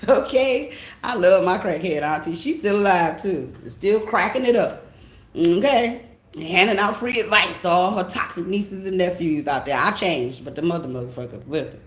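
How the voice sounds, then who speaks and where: A woman, a tarot reader ranting casually, animated and profane. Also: on the low side, moderate pace. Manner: animated, profane, laughing often. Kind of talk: casual vlog rant. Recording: echoey room with faint hiss.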